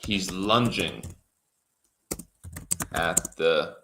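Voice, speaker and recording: Slow, patient male English teacher. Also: deep voice, noisy background. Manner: slow, repeats and spells out words for learners. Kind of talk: livestream language lesson.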